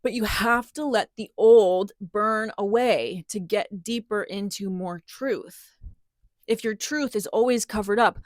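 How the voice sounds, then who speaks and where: A woman's voice: mid-range voice, measured pace, dry recording. Spiritual vlogger, woman, emphatic and earnest, dead-dry close recording. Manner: earnest, emphatic, acts out inner voices. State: out of breath. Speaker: spiritual teacher. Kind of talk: impassioned spiritual monologue to camera.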